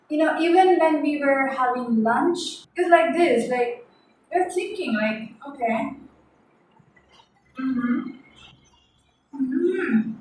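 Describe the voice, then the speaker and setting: A young woman with a high voice tells a story in a loose, chatty vlog, exasperated and full of fillers and repeated words. She sits back from the mic in a very echoey room, with faint hiss underneath. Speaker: vlogger. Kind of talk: casual storytime chat. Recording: echoey room heard from a distance.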